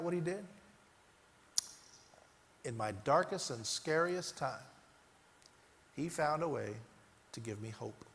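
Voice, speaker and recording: A man giving a motivational keynote, telling a personal story and swinging between loud bursts and hushed moments. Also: fairly high pitch, gravelly, a little hiss or hum. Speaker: keynote speaker. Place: large conference hall. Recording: echoey hall, faint ambience.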